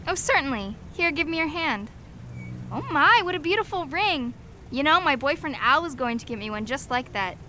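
A woman's voice: high voice, expressive, moderate pace, pushed and bright, a little hiss or hum. Irma, a chirpy ditzy girl. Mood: scatterbrained. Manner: naive, chirpy, takes everything literally. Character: sweet scatterbrained young woman, ditzy and cheerful. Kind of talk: 1940s radio acting.

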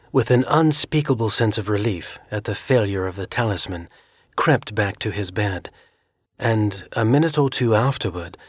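A man narrating a suspenseful story in a measured, scripted delivery. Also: on the low side, breathy edge, no room sound, studio quality. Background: music.

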